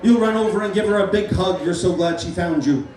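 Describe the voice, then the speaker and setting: A middle-aged man working as a stage hypnotist at a live comedy show, playfully giving loud, repeated suggestions to volunteers. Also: sits high, a little fast, a little hiss or hum. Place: large fair tent. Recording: echoey tent, mic heard from far.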